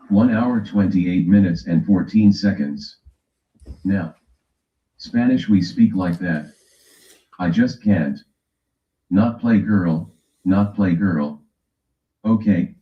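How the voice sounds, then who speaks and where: A man from the West Coast of the US hosting a casual livestream, teasing his chat and reading a timer aloud. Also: sits low. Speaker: livestream host. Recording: echoey room, dull lo-fi sound.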